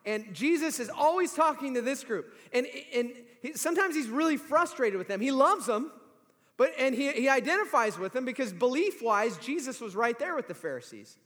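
Brief: high-voiced male preacher, chatty and emphatic, long hall reverb. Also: moderate pace. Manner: conversational, animated, emphatic. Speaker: pastor. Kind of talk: sermon. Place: large hall or church.

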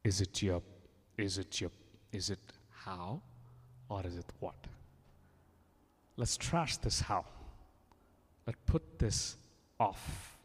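A man's voice: deep voice, takes it slowly, long pauses, breathy edge. A man from India with an Indian accent, preaching a sermon in a fervent, repetitive way, often restarting his phrases. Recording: long reverb of a large hall.

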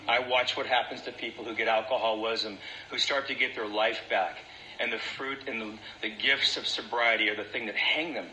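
A man's voice: medium pitch, steady tone, normal speed, bright, forceful tone. A middle-aged man giving a candid, wry recovery talk at a meeting, telling his own story. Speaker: AA speaker. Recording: echoey room with faint background noise.

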